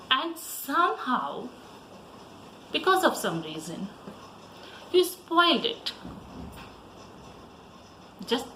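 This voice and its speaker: A woman teacher with an Indian English accent, giving a slow, sing-song language lesson to young children. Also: high-pitched, roomy sound, a little hiss or hum, poor audio. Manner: slow, lively, sing-song teaching voice with repeat-after-me prompts.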